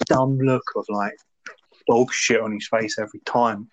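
Ranting podcast host. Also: male voice, lowish voice, unhurried, muffled recording. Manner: ranting, animated, laughs a lot, mock voices. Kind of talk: casual podcast chat.

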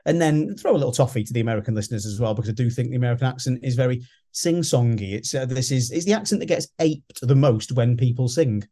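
A man's voice: medium pitch, animated, quick pace, hardly any pauses, dark tone. A British man co-hosting a music podcast, talking casually with restarts and the odd sung snippet. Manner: rambling, restarts, sings snippets. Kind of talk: casual chat.

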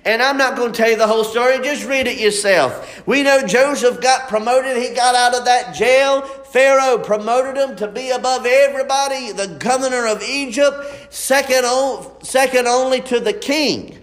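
A man's voice: very high-pitched, normal speed, few pauses, a bit bright. A man preaching a sermon in a folksy, emphatic way, repeating his points.

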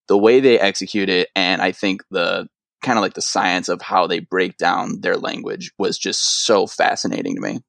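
A guest in his twenties with a low, gravelly voice who chats in a laid-back, hesitant way. The recording is dry and close, with no room sound. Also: fairly bright tone, no room sound. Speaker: podcast guest. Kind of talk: casual chat.

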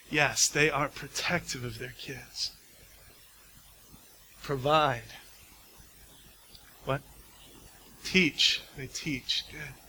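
A man's voice: fairly high pitch, sharp tone, slight background noise. A middle-aged man preaching a sermon to a congregation, telling a personal story in a conversational way and asking the room questions. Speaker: pastor. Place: church hall before a congregation.

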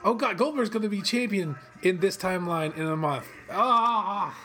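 Rambling, profane man hosting. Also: high voice. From western Kentucky, USA. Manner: rambling, profane, quick to excited outbursts. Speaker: host. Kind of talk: casual watch-along commentary. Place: cold home office studio.

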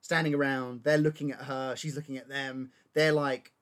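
A man's voice: medium pitch, level tone, moderate pace, fairly bright tone, clear, resonant tone. A man co-hosting a casual film discussion, chatty and laughing often as he retells scenes. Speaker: podcast co-host.

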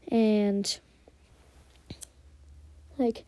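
A woman's voice: medium pitch, little pitch movement, slow pace, pauses often, dark tone, no room sound. A young woman hosting a solo podcast, rambling casually with lots of fillers and some whispered asides. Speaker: podcast host. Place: quiet room at home.

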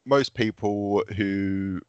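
A man's voice: fairly low pitch, steady tone, very slow, clear, resonant tone, no echo, highs cut off. A man co-hosting a podcast, putting jokey questions to a guest. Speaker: podcast co-host. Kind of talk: casual chat.

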